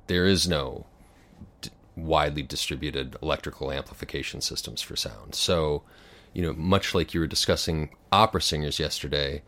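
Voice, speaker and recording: A man's voice: very deep voice, a bit bright. A man hosting an interview, asking long, rambling questions with many fillers. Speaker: interviewer host.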